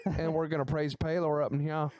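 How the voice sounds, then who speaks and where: A man's voice: a little high, flat delivery, brisk, a little mellow, pitched above the performer's own voice, lightly acted. A man putting on a boisterous old Texas farmer. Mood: rowdy.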